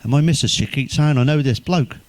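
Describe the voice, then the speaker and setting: Crude, swearing comic. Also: male voice, medium pitch, a little fast, a little mellow, dry recording, poor audio. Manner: swears constantly, laughs at his own jokes. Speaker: stand-up comedian. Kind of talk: crude joke-telling monologue.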